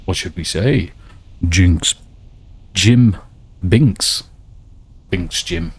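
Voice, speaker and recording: A man's voice: mid-range voice, takes it slowly, pauses often, husky. A man chatting casually and swearing a lot while he streams a game and reads out viewer messages. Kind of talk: casual gameplay chat.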